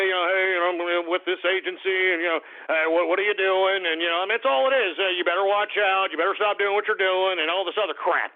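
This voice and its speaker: A man's voice: high voice, vocal fry. A man hosting a talk radio show, ranting in a heated, profane way and stumbling over repeated words. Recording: narrow phone-like radio audio.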